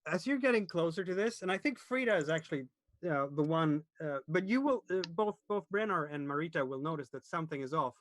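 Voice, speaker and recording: A man narrating a tabletop game as game master, pausing often to search for words. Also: fairly high pitch, lively intonation.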